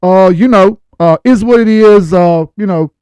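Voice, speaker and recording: A man doing a loud, slangy job applicant. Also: high voice, a little slow, clean tone, no room sound. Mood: cocky, careless. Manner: mumbling fillers, loud and casual.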